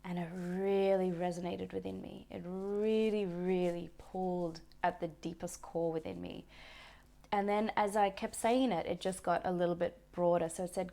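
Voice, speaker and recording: Woman vlogger, low and creaky, reflective and unhurried, trips over her own restarts. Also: steady tone. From Australia. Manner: reflective, gentle, with frequent restarts and soft laughs. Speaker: wellness vlogger. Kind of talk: casual personal storytelling.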